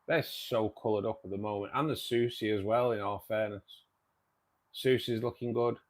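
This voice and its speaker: A man with a Manchester accent hosts a casual livestream, answering viewers by name in a friendly, rambling way. His voice sits a little low. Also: steady tone, normal speed. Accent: Manchester English. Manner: chatty, reads and answers viewer comments. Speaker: livestream host.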